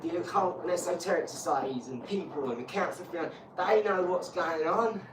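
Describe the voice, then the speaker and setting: A man in his 40s with a high voice talks fairly quickly on a live stream while doing a boxing workout in his home workout room. He rambles casually and swears freely. The room echoes, the mic is distant, and there's loud noise.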